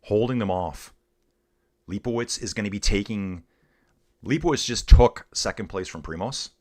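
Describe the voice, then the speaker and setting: Live-streaming a cycling race, a middle-aged Canadian man chats excitedly and casually with viewers between comments on the action. His voice is on the low side, at a moderate pace.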